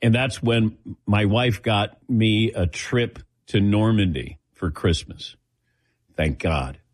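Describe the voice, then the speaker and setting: A middle-aged man with a fairly low voice tells a relaxed personal story as the host. He slips into little impressions of the people he quotes. The sound is dry and close. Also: takes it slowly, no room sound. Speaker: host taking audience questions. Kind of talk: casual storytelling.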